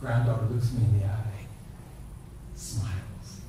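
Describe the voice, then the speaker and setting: A man's voice: fairly low pitch, fairly even intonation, measured pace. Older man giving a dharma talk, echoey hall. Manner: storytelling with playful asides. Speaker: dharma speaker. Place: temple hall. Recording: echoey hall from far off, background noise.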